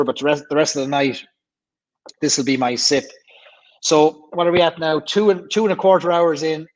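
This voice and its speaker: Chatting casually on his livestream, a host from Ireland reads viewer comments out loud and repeats himself a lot. He has a medium-pitched voice, and the recording quality is low.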